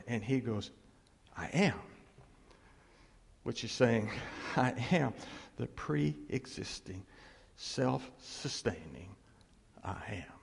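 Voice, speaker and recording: A man preaching a sermon as a pastor, animated and laughing often, dropping to a hush on key phrases. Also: mid-range voice, gravelly, a little hiss or hum. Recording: long hall reverb.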